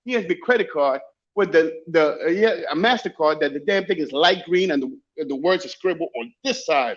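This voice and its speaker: An animated man telling stories as a guest, repeating and restarting his phrases as he goes. His voice is somewhat high for a man. The recording sounds muffled and lo-fi. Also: brisk. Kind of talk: casual storytelling.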